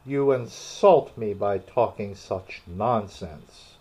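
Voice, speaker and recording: A man's voice: lowish voice, slow, a little mellow, slightly rough. A man voicing a proud, easily offended mouse who speaks severely and sharply in a storybook reading. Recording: dull lo-fi recording.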